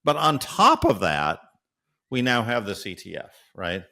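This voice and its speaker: A man with a lowish, sing-song voice speaks at a measured pace, his tone pushed and bright with some vocal fry. He's a guest analyst in an interview, explaining at length as he thinks aloud, hesitating often and leaning on fillers and checks like "right?".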